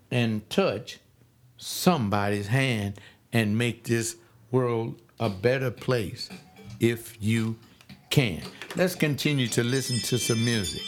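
Emphatic older man preaching scripture. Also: medium pitch. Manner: emphatic, scolding, mimics people. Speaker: lay preacher. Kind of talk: informal scripture teaching.

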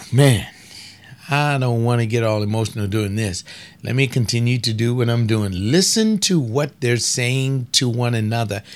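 A man in a mid-range voice preaching in a loose, conversational way as he hosts a show between records. He keeps asking his listeners one rhetorical question after another. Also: medium pitch. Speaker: radio host and preacher. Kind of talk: casual preaching between songs.

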